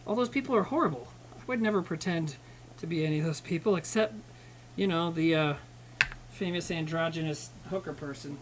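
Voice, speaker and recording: A man's voice: a little high, fairly bright tone, a little hiss or hum, low-quality recording. A man chatting casually with his livestream chat while he cooks, rambling and swearing, joking at his own expense. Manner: rambling, profane, self-mocking banter with chat. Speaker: streamer cooking live.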